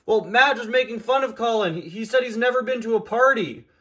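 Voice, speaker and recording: Man doing a high, urgent little engine. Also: fairly quick, fairly bright tone. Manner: urgent, pleading. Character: eager young male narrow gauge engine.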